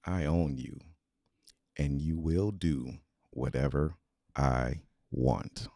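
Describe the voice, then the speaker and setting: Villain read: a man voicing a smooth, controlling baddie, very deep, slow and dark. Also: no room sound, studio quality. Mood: cold menace. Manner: slow, soft-spoken menace. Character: calm possessive male villain, smooth and controlling. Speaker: voice actor submitting an audition.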